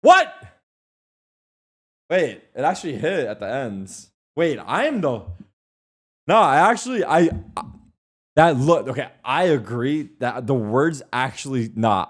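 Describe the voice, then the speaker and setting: Male streamer, young adult, swears a lot, pitch jumps all over, casual live chat. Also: unhurried. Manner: animated, swearing, defensive banter with chat.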